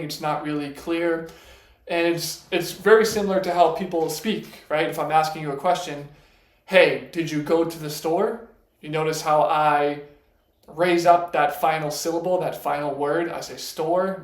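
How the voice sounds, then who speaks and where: A man teaching a casual piano lesson, patient, explaining step by step and counting notes out loud. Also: on the high side. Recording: echoey room with piano playing. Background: piano notes between lines.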